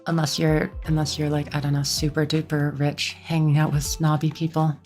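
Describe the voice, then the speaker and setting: A woman's voice: deep voice, completely flat delivery, brisk, darkish tone, soft background music. A young woman from Canada streaming a game, chatting casually with viewers in a rambling way full of "like" and restarts.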